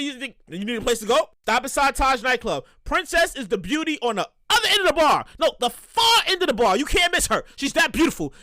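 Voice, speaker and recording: Animated, high-voiced male podcast host. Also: no echo, studio quality. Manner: animated storyteller, acts out voices, repeats himself. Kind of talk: casual solo monologue.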